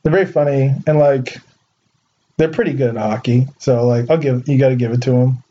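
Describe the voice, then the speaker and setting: A young man from Southern California telling a story in casual chat, animated, laughing often and saying "like" a lot. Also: mid-range voice, fairly quick, highs cut off.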